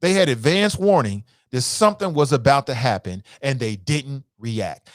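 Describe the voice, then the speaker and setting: A man's voice: medium pitch, lively intonation, moderate pace, no room sound, studio quality. A man in his fifties from the United States hosting a talk radio show, speaking in a blunt, profane, impassioned monologue and repeating phrases for emphasis.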